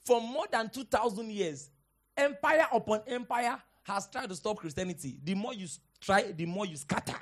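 A male pastor preaching a sermon, swinging from hushed teaching to shouted exhortation and quoting scripture in dramatic old-fashioned wording. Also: high-pitched, normal speed.

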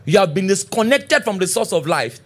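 A middle-aged man preaching a sermon as pastor, checking often that the congregation is following and reading scripture slowly. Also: high voice, very animated. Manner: preaching with frequent call-and-response checks; reads scripture slowly and deliberately.

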